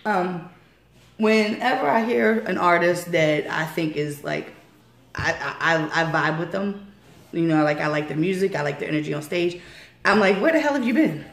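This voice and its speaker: A woman hosting a radio interview, her voice hoarse from a coming cold, chatty with lots of ums and laughter. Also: fairly low pitch, moderate pace. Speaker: radio show host. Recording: roomy studio echo.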